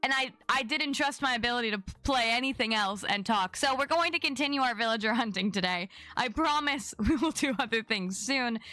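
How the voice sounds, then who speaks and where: A young woman streaming from home, chatting in a bubbly, talkative way and greeting her viewers one by one. Her voice is bright and a little high, recorded dry and close on a desk mic. Soft music plays underneath. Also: fairly quick, no echo. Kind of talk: casual live-stream chat.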